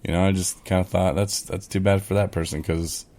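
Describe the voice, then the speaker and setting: Male co-host, low and gravelly, loose chatty delivery that leans into quoted back-and-forth. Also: flat delivery, brisk, darkish tone. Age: adult in recovery, speaking of early sobriety. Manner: conversational, with many fillers, acts out his own quoted replies. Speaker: podcast co-host. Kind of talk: casual chat.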